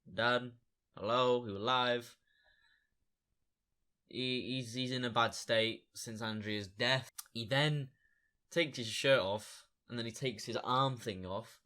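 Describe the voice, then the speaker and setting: A young man chatting excitedly and casually as he reviews a comic book issue for his viewers. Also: mid-range voice. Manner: excitable, chatty, fan enthusiasm.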